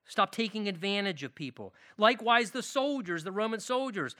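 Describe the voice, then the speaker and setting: A man preaching a sermon as pastor, swinging between loud emphatic declarations and quieter conversational asides. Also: high-pitched, lively intonation, normal speed.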